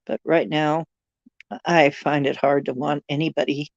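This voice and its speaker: A woman's voice: deep voice, steady tone, a little slow, vocal fry, dry recording, highs cut off. A woman hosting a livestream, chatting casually with viewers in a rambling, joking, self-deprecating way. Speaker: livestream host.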